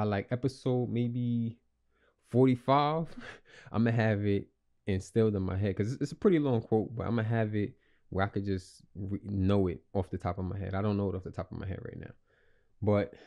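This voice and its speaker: Low, mellow-voiced man rambling motivationally. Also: steady tone, normal speed. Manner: rambling, repeats himself, slangy and earnest. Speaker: podcast host. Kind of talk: casual motivational monologue.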